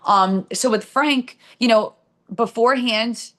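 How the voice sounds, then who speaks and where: A woman's voice: on the high side, slow pace, pushed and bright. Candid New Jersey woman telling her story. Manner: candid, conversational, many fillers and restarts. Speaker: show host. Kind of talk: personal storytelling on a live stream.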